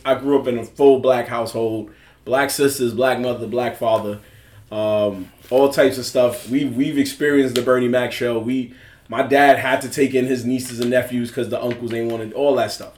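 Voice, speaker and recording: Casting: male podcast co-host, mid pitch, lively storyteller who laughs a lot; roomy echo. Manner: animated storyteller, acts out scenes, laughs often. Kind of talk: casual chat.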